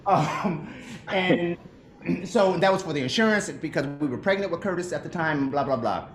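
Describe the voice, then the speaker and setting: Lively intonation marks this middle-aged male actor's fairly high voice, at normal speed, over a roomy video call with background noise. He's a guest in a reflective interview, speaking earnestly and emotionally and often beginning his sentences again.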